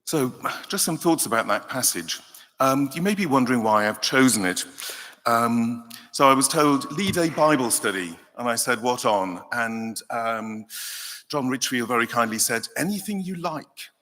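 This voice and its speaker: A man's voice: medium pitch, sharp tone. Welsh male dean reading in a hall. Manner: measured reading, then thoughtful talk with fillers. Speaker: cathedral dean leading Bible study. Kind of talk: Bible reading and reflective teaching. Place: large convention hall. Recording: long hall reverb.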